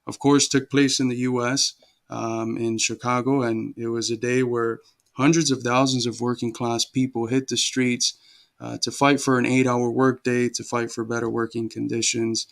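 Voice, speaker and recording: Hosting a casual livestream, a man greets viewers from the chat by name one after another, then explains a holiday. His medium-pitched voice is creaky, with little pitch movement, at a moderate pace.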